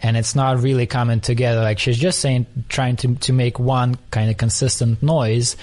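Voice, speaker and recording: Podcast host guy from the former soviet union, medium voice, talks fast and thoughtful, lots of restarts. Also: medium pitch, flat delivery, a little mellow. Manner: thoughtful, quick storytelling with frequent restarts. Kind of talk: conversational interview.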